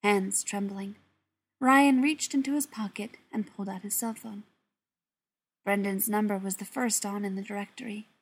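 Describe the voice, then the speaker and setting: A woman reading a story aloud in a soft, often half-whispered voice. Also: mid-range voice, fairly even intonation, moderate pace, breathy edge. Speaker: narrator. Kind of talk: audiobook narration.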